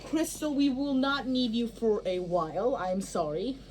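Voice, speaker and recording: A woman's voice: on the high side, lively intonation, measured pace, a little mellow, slight background noise. Rambling woman director giving stage notes. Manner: rambling, filler-heavy, restarts often. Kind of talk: casual rehearsal instructions.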